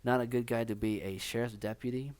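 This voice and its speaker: A man's voice: medium pitch, steady tone, brisk, a little mellow, clean tone. A man co-hosting a film podcast, talking in a loose, rambling way with many fillers. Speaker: podcast co-host. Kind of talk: casual chat.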